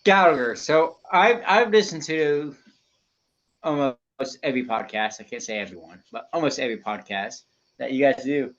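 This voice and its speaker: A man's voice: mid-range voice, moderate pace, a bit bright. A man chatting as a guest on a casual podcast, emphatic and repeating himself as he explains. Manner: repeats phrases, emphatic, restarts often. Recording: dull lo-fi sound.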